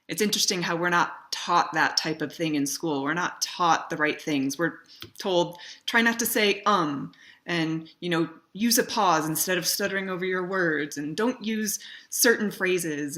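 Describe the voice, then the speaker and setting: A woman speaks to camera in a relaxed, conversational way, leaning on key words for emphasis. Her voice sits a little low, with a bright, forceful edge. She gives friendly practical advice on speaking for video. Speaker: community founder giving video advice. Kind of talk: casual direct-to-camera talk.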